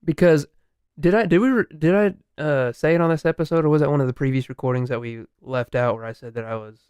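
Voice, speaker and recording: A young man co-hosting a podcast, retelling a story in casual chat, animated, swearing and laughing. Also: a little high, fast, clean tone, no echo. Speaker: podcast co-host.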